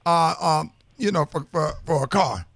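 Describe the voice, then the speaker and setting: A man's voice: on the high side, normal speed, gravelly, fairly bright tone, dry recording. A man hosting a morning radio show from the studio, chatting with a caller in a playful, teasing way with frequent restarts. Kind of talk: casual chat.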